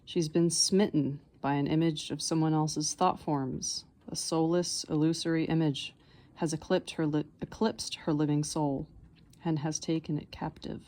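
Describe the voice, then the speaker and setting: A woman narrating an audiobook in a measured, even storytelling manner. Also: low-pitched.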